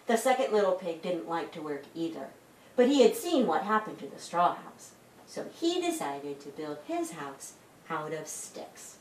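A woman librarian reading a story to children in a lively sing-song way. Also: lowish voice, slight background noise. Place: library room. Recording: echoey room, mic at a distance.

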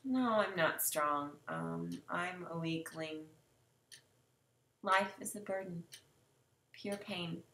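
A woman's voice: lowish voice, expressive, takes it slowly, long pauses, bright, forceful tone, a little hiss or hum. A woman in her forties reading her own teenage diary entries aloud, dramatic and tearful, with wry asides. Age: 40s. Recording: roomy sound from a distant mic.

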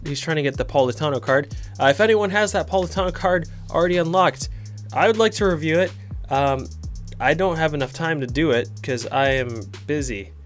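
A man giving chatty, excitable commentary on a football video game as a gaming channel host. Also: on the high side, brisk, faint music behind. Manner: excitable, chatty, cheers on players. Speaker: gaming YouTuber. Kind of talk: casual gameplay commentary.

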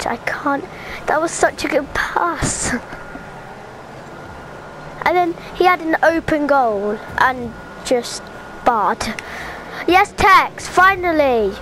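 Very high, excitable gaming commentator. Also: female voice, slight background noise. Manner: excitable, yelling at teammates. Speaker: gaming channel host. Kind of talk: live gameplay commentary.

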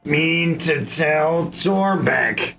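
A man voicing an overexcitable adventurer who speaks of himself in third person, shouting his words out slowly. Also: fairly high pitch, animated, gravelly, soft background music, full character voice. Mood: shocked. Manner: shouting in disbelief, drawn out.

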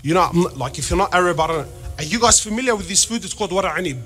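A middle-aged man giving a lively, joking sermon, dropping Arabic phrases into his English. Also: high-pitched, rapid-fire, soft background music. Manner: animated, jokey, mixes Arabic phrases into English. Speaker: Islamic preacher.

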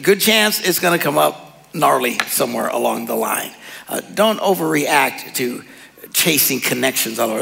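Gravelly, bright-voiced pastor in a hall. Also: male voice, mid-range voice. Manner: casual, joking, laughs often. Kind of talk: sermon. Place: church hall. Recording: long hall reverb.

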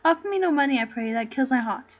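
A woman's voice: sits high, expressive, quick pace. A woman voicing a sly, thieving male rogue peddler who whines pleas for help and then makes sly asides, read on a dull lo-fi recording. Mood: pleading.

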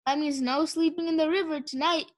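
A huge, strict female dragon teacher who booms and hisses her scolding, read by a woman. She sounds cold and commanding in a storybook telling. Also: steady tone, a little fast, no echo, lightly acted. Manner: booming, hissing, scolding.

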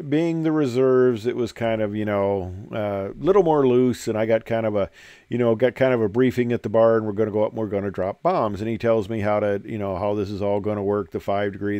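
A man's voice: fairly low pitch, dark tone, dry recording. An older man and former military pilot, telling rambling stories over slides with lots of fillers. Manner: rambling storyteller with many fillers. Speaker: retired military pilot giving a presentation. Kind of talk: anecdotal presentation over slides.

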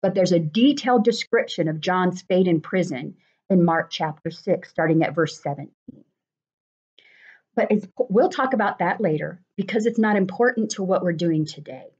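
Husky woman leading a Bible study. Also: lowish voice, normal speed. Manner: steady, explaining and reading aloud. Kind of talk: explanatory teaching. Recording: dull lo-fi recording.

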